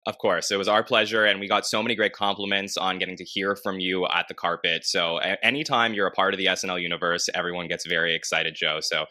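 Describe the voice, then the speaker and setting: A man's voice: deep voice, steady tone, quick pace, few pauses, sharp tone, dry recording. A man hosting a podcast, reading promos and introducing his guest in an upbeat, promotional manner. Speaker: podcast host. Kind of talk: podcast host read and intro.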